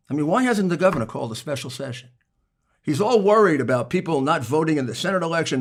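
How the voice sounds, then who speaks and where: A man giving a political speech, emphatic and building to forceful outbursts. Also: a little high, animated, fast talker. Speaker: speaker addressing lawmakers.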